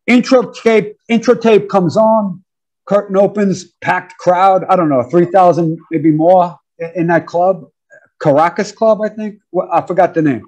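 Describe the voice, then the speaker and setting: A husky-voiced man in his fifties with a New York accent tells stories in a relaxed interview. His voice sits fairly high for a man, and he acts out counts and quoted lines, often dropping "man" into his sentences. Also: measured pace, rough recording. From United States. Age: 50s. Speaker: guest musician. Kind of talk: casual interview storytelling.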